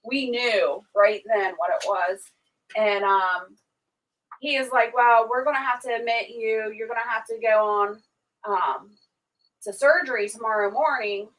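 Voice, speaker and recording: A woman with a fairly high voice tells a story in a casual, animated way. She often raises her pitch to act out quotes. Her voice sounds a bit distant from the microphone. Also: unhurried. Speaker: livestream host telling a story.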